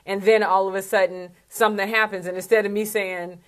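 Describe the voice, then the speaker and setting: A woman's voice: mid-range voice, level tone, a little fast. A woman speaking coach talking casually to camera in a vlog, chatty and candid, with plenty of asides.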